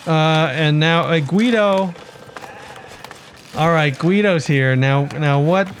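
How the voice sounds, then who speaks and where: A let's play gamer talks casually over his city-building game, thinking out loud and chatting to his villagers while playing. His male voice is on the high side and slow, with slight background noise.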